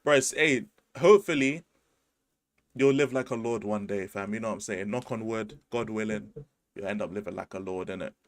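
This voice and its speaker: A man's voice: on the low side, fairly even intonation, a little fast, dry recording. Slangy laid-back London man. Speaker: streamer host. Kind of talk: casual livestream chat.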